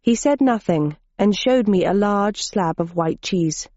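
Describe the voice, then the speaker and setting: A woman's voice: medium pitch, animated, measured pace, darkish tone, dry recording. A woman narrating an audiobook in first person, with dry, wry storytelling on a dull lo-fi recording.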